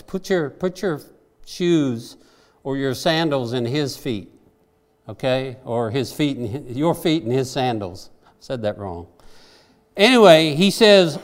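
Earnest preaching man, lilt. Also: on the high side. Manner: earnest, rising to impassioned pleading. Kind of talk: sermon.

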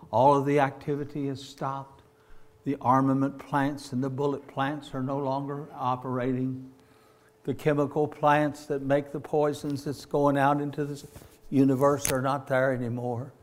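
A man preaching a sermon with passion, swelling to loud, drawn-out peaks and calling listeners "my friend". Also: medium pitch, level tone.

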